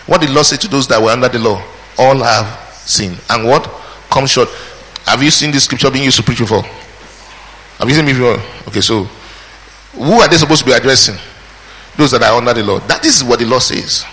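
A man preaching a verse-by-verse Bible teaching, pausing to quiz the congregation with call-and-response questions. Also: medium pitch, bright, forceful tone. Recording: hall reverb, faint ambience.

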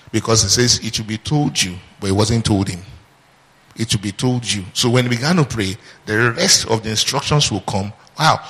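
A man's mid-range, slightly bright voice carries through a hall with long reverb as he preaches. He reads from scripture and quizzes the congregation using call-and-response questions.

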